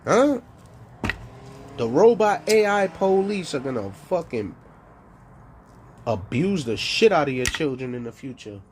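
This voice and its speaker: A man's voice: fairly high pitch, very animated, a little slow, long pauses, darkish tone, a little hiss or hum. A man ranting on a livestream, heated and profane, laughing between lines. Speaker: livestream host.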